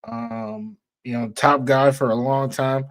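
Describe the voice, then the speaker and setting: A man's voice: medium pitch, very animated, slow, creaky. A male co-host in casual sports chat, laid-back and hedging with lots of fillers.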